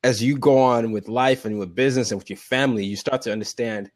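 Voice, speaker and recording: A man's voice: mid-range voice, fairly even intonation, quick pace, no room sound, clean studio sound. A man in his twenties hosting a podcast, asking earnest, reflective questions in casual conversation. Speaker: podcast host.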